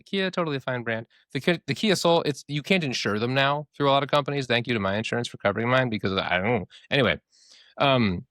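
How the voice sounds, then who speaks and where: Casual young guy on a podcast, animated and profane, does silly voices, mid pitch, dry sound. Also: no echo. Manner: animated storyteller, swears freely, mimics voices. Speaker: podcast co-host.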